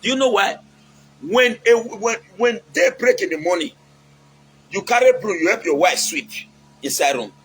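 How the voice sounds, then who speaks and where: Nigerian man, high voice, preachy advice talk, faint noise behind. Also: expressive, moderate pace, rough recording. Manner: preachy, mixes in Pidgin, acts out quotes.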